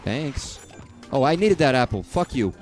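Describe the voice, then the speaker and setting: A young man streams a video game, rambling through profane, jokey asides at a mid-range pitch. Faint game music plays quietly behind him. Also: sing-song, measured pace. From southern US. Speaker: gaming streamer. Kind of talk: casual let's-play commentary.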